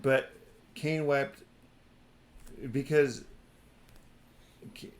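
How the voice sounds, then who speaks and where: A man's voice: mid-range voice, little pitch movement, extremely slow. A man co-hosting a casual podcast chat about scripture, meandering with lots of fillers and reading passages aloud. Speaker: podcast co-host.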